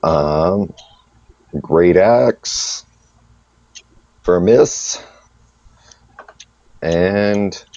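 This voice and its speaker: Low-voiced slow game master man. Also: darkish tone, no echo. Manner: unhurried, tallying rules and experience points. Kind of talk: narrating a tabletop game. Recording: dull lo-fi dry sound.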